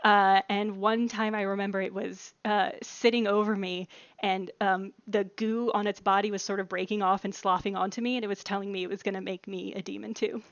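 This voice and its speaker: A woman's voice: mid-range voice, flat delivery, no room sound, highs cut off. A woman hosting a casual game stream, chatty and upbeat over a headset voice chat. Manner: chatty, upbeat, quick to laugh. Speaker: stream host.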